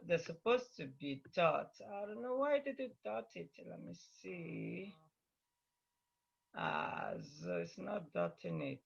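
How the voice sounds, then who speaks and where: High-voiced, slow-talking male teacher on a dull video call. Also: vocal fry, bright, forceful tone. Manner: patient, repeats words slowly for students to copy. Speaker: language teacher. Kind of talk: online language lesson.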